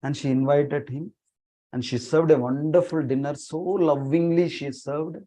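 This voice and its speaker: A man, preaching by telling a story, softly acting out the dialogue and asking his listeners questions. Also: on the high side, steady tone, unhurried, low-quality recording. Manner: earnest storyteller, voices dialogue softly, asks the audience questions. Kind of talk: storytelling sermon. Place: temple meeting room, online session.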